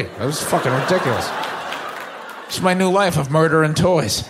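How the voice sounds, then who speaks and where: A young man from Staten Island doing a crude, deadpan stand-up comedy set on a club stage. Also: fairly high pitch, moderate pace, noisy background. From Staten Island, New York. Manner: deadpan, crude, shifts into mocking voices for quoted people. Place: comedy club stage before a laughing audience.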